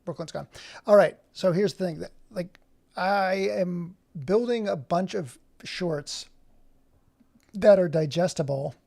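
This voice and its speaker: Gravelly man rambling on a livestream. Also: high-pitched, slow, warm tone. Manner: rambling, self-interrupting. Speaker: livestream host. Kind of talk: casual livestream chat.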